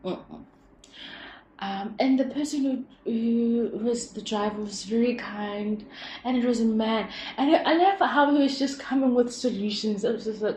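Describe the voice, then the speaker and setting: A woman's voice: a little high, moderate pace, mellow, slight background noise. Chatty young woman in an echoey room. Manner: chatty, laughs often, many restarts. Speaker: podcast host. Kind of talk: casual personal monologue.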